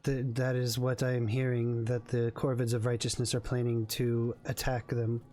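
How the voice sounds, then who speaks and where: A cagey male informant who hedges and stumbles over his words, voiced by a man running a tabletop game. He speaks at a middling pitch and sounds close to his own everyday voice. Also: level tone, normal speed, a little mellow, close to an everyday voice. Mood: confiding. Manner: hesitant, stumbling, confiding.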